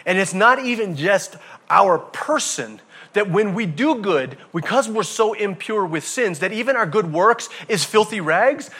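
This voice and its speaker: A male pastor delivering a sermon in a lively, animated way. His voice is bright and forceful and sits a little above the usual male pitch. He asks the room questions and acts out little scenes as he goes. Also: normal speed, husky.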